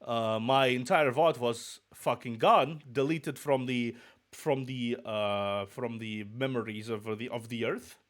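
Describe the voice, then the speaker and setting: A man's voice: medium pitch, slow pace. A man with a slight Russian accent, a little sick, chatting loosely and restarting his sentences as he sets up a stream to read a book. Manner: rambling, with frequent restarts and muttered asides. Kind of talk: casual chat before a book reading.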